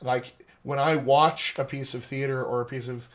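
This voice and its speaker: A man working as an accent coach, talking in a casual interview in animated, quick bursts. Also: mid-range voice.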